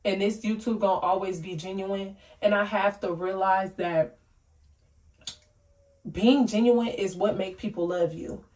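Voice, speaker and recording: A young woman talks straight to her viewers in a candid, unfiltered vlog, saying exactly what she feels. Her pitch sits in an ordinary middle range, and her voice lands a little distant from the mic. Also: fairly even intonation, measured pace, darkish tone. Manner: blunt, candid, heartfelt ranting. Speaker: vlogger. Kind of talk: casual talk to camera.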